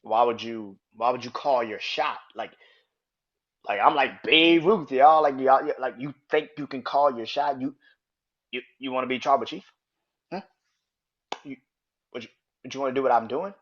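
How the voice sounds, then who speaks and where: A man's voice: medium pitch, moderate pace, pauses often, natural voice. Man impersonating a brash, menacing wrestling champ, taunting and repetitive, on a dull lo-fi mic. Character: boastful, menacing male wrestling champion ranting.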